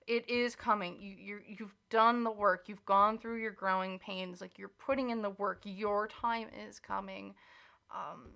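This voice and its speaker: In this casual spoken tarot reading, a woman with a mid-range voice, vocal fry, and a sharp tone chats away reassuringly. She's emphatic and earnest in her encouragement, and she fills her speech with "like."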